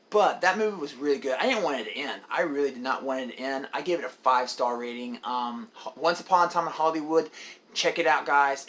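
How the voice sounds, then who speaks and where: Rambling excitable young man reviewing movies. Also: a little high. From Oklahoma. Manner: rambling, excitable, swears, frequent fillers. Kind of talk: casual movie review vlog.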